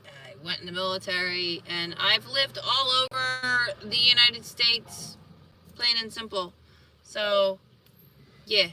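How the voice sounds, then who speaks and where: Emphatic, bright-voiced woman with a Philly accent. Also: mid-range voice, takes it slowly, far from the mic, slight background noise. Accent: Philadelphia. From Philadelphia and New York. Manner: emphatic, combative, rambling. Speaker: spiritual healer streamer answering viewers. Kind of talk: casual livestream talk.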